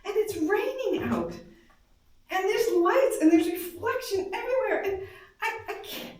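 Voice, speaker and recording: High-voiced woman reading in an echoing hall. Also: expressive, measured pace. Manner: intense, emotional, shifts between hushed and loud. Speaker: performer reading dream monologues. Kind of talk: dramatic live reading of first-person dreams. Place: darkened live performance space. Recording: very echoey hall, voice from far off.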